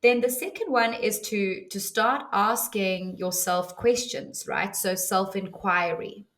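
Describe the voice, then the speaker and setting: A woman's voice: mid-range voice, slow pace, fairly bright tone. A woman guest on a podcast, earnestly telling a personal story and giving advice, with many restarts. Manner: earnest, vivid retelling with restarts. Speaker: podcast guest, ceremony leader.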